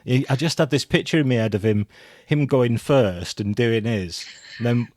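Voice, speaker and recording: A man's voice: medium pitch, moderate pace, a little mellow, no room sound. A man co-hosting a podcast, chatting casually in a dry, rambling way and laughing at his own jokes. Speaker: podcast co-host. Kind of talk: casual chat.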